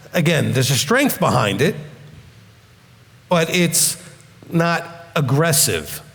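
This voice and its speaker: A man with a fairly high voice teaches an audience in a Q&A. His pitch swings widely as he explains things patiently, checking in with "okay?" The sound carries a long hall reverb. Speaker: teacher answering questions.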